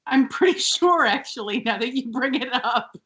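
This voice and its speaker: A woman co-hosting a casual podcast, recapping scenes with sarcasm and mimicking characters. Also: normal speed. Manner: animated, sarcastic, mimics characters in high shrill bursts. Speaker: podcast co-host.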